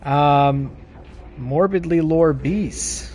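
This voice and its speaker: A man's voice: a little high, very slow, a little mellow. A man streaming a video game, chatting casually with viewers, joking and reading in-game text aloud with his own asides. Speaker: gaming streamer. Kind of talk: casual let's-play commentary.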